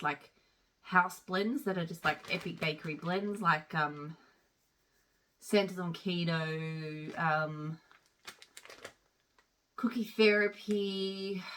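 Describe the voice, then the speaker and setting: A woman's voice: lowish voice, a bit bright. A woman chatting casually as she reviews wax melts, rambling with plenty of fillers. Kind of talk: casual product review chat.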